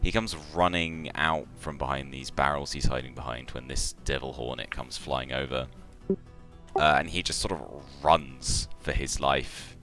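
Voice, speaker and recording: Game master with a very deep voice, describes the action haltingly. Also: male voice, fairly even intonation, sharp tone, faint music behind. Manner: hesitant, many fillers and restarts. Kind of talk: narrating a tabletop game live.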